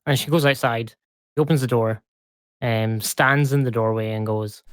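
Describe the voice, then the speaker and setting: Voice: medium pitch, steady tone, moderate pace, clear, resonant tone, dry recording. A tired player in a tabletop game who talks chattily and laughs between lines. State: overtired. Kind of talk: playing a character in a tabletop game.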